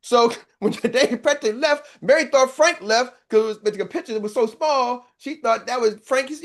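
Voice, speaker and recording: A man's voice: extremely high pitch, normal speed, hardly any pauses, a bit bright. An older man, a business coach, telling a story to an audience in a casual, slangy way and acting out both sides of each conversation.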